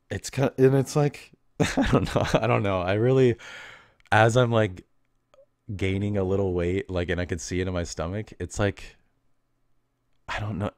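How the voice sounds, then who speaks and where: A young man with a deep, slightly mellow voice hosts a solo podcast in clean studio sound with no room sound. He rants about customers at his coffee shop job in a casual, exasperated, mocking way.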